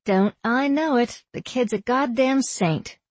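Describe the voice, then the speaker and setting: A woman's voice: on the high side, a little slow, a little mellow, no room sound, pitched above the performer's own voice. A woman voicing a young woman heroine in a storybook, teasing and sarcastic in manner. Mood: brisk.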